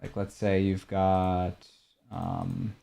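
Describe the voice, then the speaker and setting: Young guy streaming, kinda low voice, chill and chatty, answering chat questions. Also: little pitch movement, extremely slow, vocal fry, dark tone. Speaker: gaming streamer. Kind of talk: casual chat while showing game skins.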